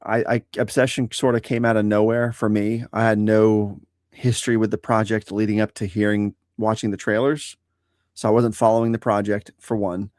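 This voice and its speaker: A man co-hosting a live-streamed podcast, giving laid-back, measured opinions in casual chat. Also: lowish voice, level tone, darkish tone, no room sound, studio quality. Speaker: podcast co-host.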